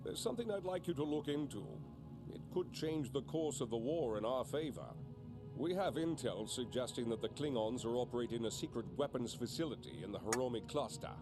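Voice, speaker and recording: A man playing a crisp intelligence officer, put-on British accent. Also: mid-range voice, expressive, fairly quick, natural voice. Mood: formal briefing. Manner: crisp, formal, commanding. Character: brisk male Starfleet intelligence officer giving orders. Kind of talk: video game voice acting. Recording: game audio with loud music behind. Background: game music.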